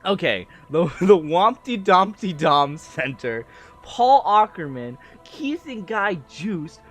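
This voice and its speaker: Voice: medium pitch, very animated, takes it slowly, a bit bright, faint music behind. A streamer playing a game live, reading its text aloud and laughing to tears, swearing and giggling.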